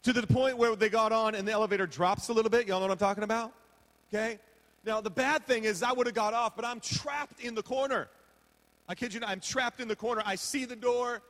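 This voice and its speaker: A man's voice: high-pitched, fairly even intonation, a little fast, a bit bright, in a large hall. A man preaching a sermon as pastor from a podium, telling stories with humor and acting out his own reactions. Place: large hall with a podium.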